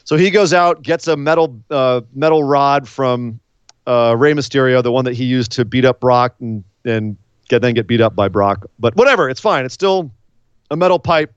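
Smooth-voiced man recapping wrestling casually. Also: medium pitch, moderate pace, dry recording. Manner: rambling, playful, fond of doing impressions. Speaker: podcast co-host. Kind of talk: casual chat and event recap. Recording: slightly dull lo-fi sound.

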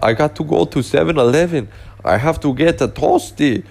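A man voicing a laid-back, hungry young German backpacker, impersonating a thick German accent in a higher voice than his own. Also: moderate pace, vocal fry, a little mellow. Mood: insistent.

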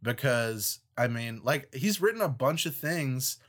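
A man co-hosting a casual review podcast, voicing firm opinions in a middle-pitched voice. He talks in a relaxed, chatty way and laughs easily. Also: a little slow. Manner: opinionated, critical, laughs often. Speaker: podcast co-host.

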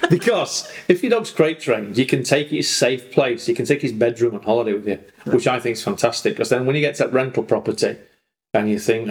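A man co-hosting a podcast, chatting in an animated way and voicing his dogs for laughs. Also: mid-range voice, a little fast, echoey room, low-quality recording. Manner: animated, acts out his dogs' voices. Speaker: podcast co-host. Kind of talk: casual chat.

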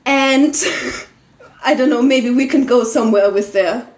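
Woman, casual chat, teasing, high-pitched, roomy echo. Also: measured pace. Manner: teasing, laughing. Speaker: co-writer reading a story.

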